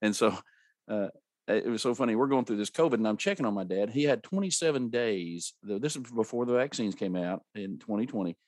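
A man's voice: on the low side, fairly quick, no echo. A man in his fifties from rural America hosts an interview and tells a family story in an earnest, folksy way. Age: 50s. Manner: earnest, folksy, animated when telling a story. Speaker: podcast host.

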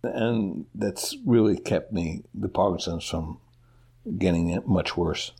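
A middle-aged man giving a personal interview with a rough, gravelly edge and a husky, slightly breathy tone. He talks haltingly, starting over and repeating words as he goes. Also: low-pitched, a little mellow. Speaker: interview guest, teacher.

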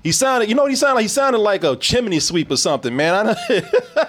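A male podcast host chatting loosely, swearing and laughing often. His slightly high voice swings widely in pitch. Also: very animated, fairly quick. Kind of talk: casual chat.

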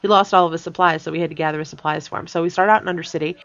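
A woman's voice: on the low side, steady tone, very fast, no room sound. Chatty woman podcast host, lo-fi. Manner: chatty, laughs often, many fillers. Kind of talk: casual chat. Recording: dull lo-fi sound.

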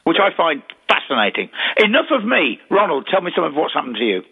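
A man with a slightly high voice tells ghost stories in an animated way, often stumbling over and repeating his words. The sound is thin and tinny, like a phone line. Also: fast, vocal fry, husky. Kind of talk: casual chat telling ghost stories.

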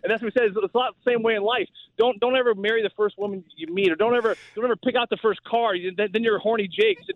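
Fast-talking man on a tinny phone line. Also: high voice, steady tone. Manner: storytelling with folksy analogies. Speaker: phone-in hockey analyst. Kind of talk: casual sports radio chat.

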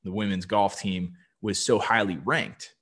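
A man's voice: fairly low pitch, fairly even intonation, unhurried, a bit bright, slightly rough. A man hosting his own podcast in casual chat, easygoing and given to hedging and trailing off. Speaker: podcast host.

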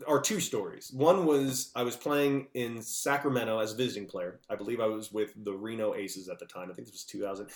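A man, a former ball player, telling stories casually on a podcast over a remote call and acting out the dialogue with lively energy. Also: mid-range voice, roomy sound. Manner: animated, jokey, acts out dialogue. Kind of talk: casual storytelling.

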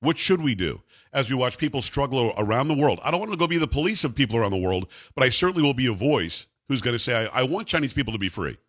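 A man's voice: mid-range voice, fast talker, hardly any pauses. A man hosting a talk radio show, delivering an emphatic, opinionated monologue and mimicking other people's voices. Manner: emphatic, animated, mocking voices.

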